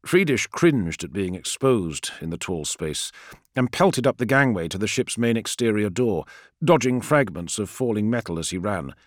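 A man reading a sci-fi novel aloud as narrator, with an expressive storytelling delivery. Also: lowish voice, moderate pace, no echo, studio quality. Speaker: audiobook narrator. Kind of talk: scripted narration.

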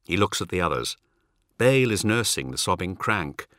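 A man reads a dark fantasy novel in a low, unhurried voice. His pitch moves expressively and his tone is bright and forward. The recording is dry and close, like a studio booth. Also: sing-song, no echo. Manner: measured, dramatic reading. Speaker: audiobook narrator. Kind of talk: scripted narration.

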